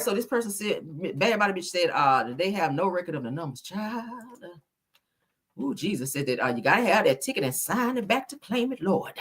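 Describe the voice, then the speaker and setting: Speaking on the low side with a bit of brightness, the host reads out live comments in a dramatic, sassy manner. She swears frequently and calls viewers "baby" and "child" during her casual chat.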